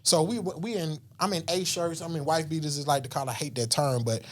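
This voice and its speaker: A man's voice: a little high, a little fast. A man, telling a story in casual, slangy talk and acting out voices and whispers. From Southern US. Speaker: podcast guest.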